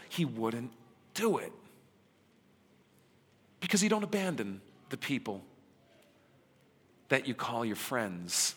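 A male pastor delivering a sermon in a conversational, emphatic way, with dramatic pauses. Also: mid-range voice, very animated, a bit bright, slightly rough. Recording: long hall reverb.

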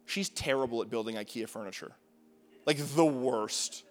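A man's voice: mid-range voice, normal speed, long reverb tail, soft background music. A young man preaching a sermon, casual and joking, with lots of filler words. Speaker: pastor. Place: church hall.

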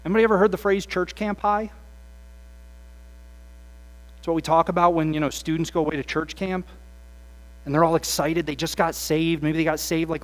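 A man preaching a sermon with passion, swinging from hushed asides to loud, animated quoted voices. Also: high voice, rough recording.

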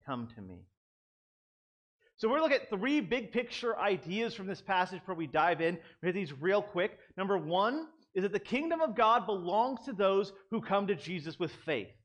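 Young man, pastor, casual sermon, fairly high voice, lively swooping pitch, chatty asides. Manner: conversational, animated, self-deprecating asides.

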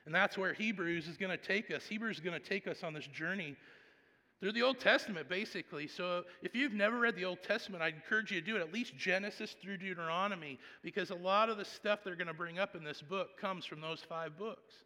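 A pastor with a fairly high, bright, forceful voice, preaching in a conversational, storytelling way. He swings from hushed asides to loud bursts. His words ring out with a long reverb in a large church sanctuary. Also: brisk. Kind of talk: sermon.

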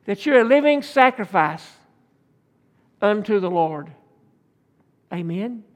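A man's voice: high voice, lively intonation, slow. A male pastor, preaching a folksy sermon full of homespun stories and calls for an amen.

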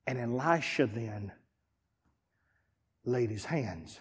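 A man preaching a sermon as pastor, dramatic, dropping to a hush and then rising to shouts. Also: mid-range voice, animated, slow pace, breathy edge, big-room sound. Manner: dramatic, swings from hushed to shouting.

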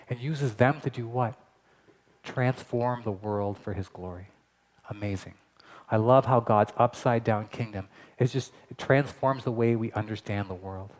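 Guy pastor preaching, chatty and animated, mid-range voice. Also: medium pitch. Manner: lively, conversational preaching with asides. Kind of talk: sermon.

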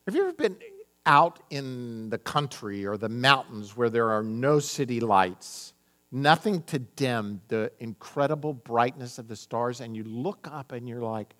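A man's voice: mid-range voice, a bit bright. A man preaching a sermon, reading scripture dramatically and speaking animatedly to his congregation. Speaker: pastor.

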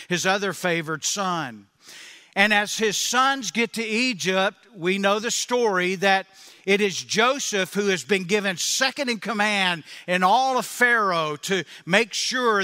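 A man's voice: high voice, bright, forceful tone, in a large hall. A male pastor preaching a sermon with emphatic, repeating phrases, in a church.

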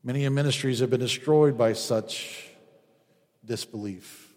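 A man's voice: mid-range voice, a little slow, darkish tone, long reverb tail. A man preaching a sermon as a pastor, acting out quoted voices as he goes.

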